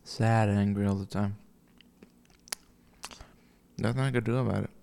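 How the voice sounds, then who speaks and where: A man's voice: on the low side, steady tone, moderate pace, vocal fry, a little mellow, slight background noise. A drunk young man rambling alone, profane and meandering, with mumbled asides. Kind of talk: rambling solo monologue.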